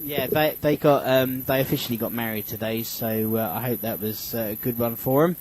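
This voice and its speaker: A man's voice: mid-range voice, a little fast, darkish tone, a little hiss or hum, poor audio. A man hosting a casual radio show, rambling with many fillers and restarts and joking about himself into a studio microphone. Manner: joking, self-mocking. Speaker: radio host.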